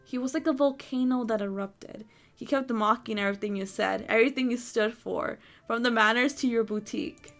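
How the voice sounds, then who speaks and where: A woman reading aloud the lines of a rude, sharp-tongued young rich man in a visual novel, in a dry, wry way. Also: on the high side, a little fast, soft background music. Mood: sulky.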